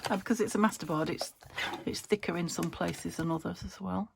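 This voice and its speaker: A woman's voice: fairly low pitch, steady tone, a little fast, creaky, very noisy. A woman vlogging about her crafts, chatting casually and thinking aloud as she works, sometimes half-whispering. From United Kingdom. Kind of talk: casual crafting chat to camera.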